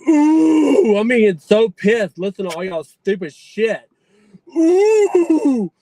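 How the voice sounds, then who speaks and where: A man trash-talking and taunting with loud squealing "ooh" yelps and heavy profanity. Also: high-pitched, moderate pace, dry recording.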